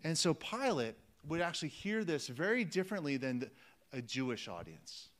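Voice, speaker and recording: A man's voice: a little high, sing-song, normal speed. A man preaching a sermon, emphatic and repeating phrases for weight, calling his listeners friends.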